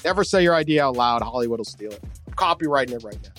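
A man hosting a sports podcast in casual chat, joking and animated, often trailing off quietly. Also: medium pitch, very fast, soft background music. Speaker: podcast host.

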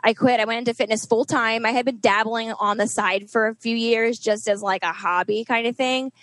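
A woman's voice: on the high side, steady tone, brisk, a bit bright, no echo, rough recording. A woman in her forties telling a personal story in an interview, emotional and rambling, with many "like" fillers. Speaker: guest, trainer and nutritionist. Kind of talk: candid interview conversation.

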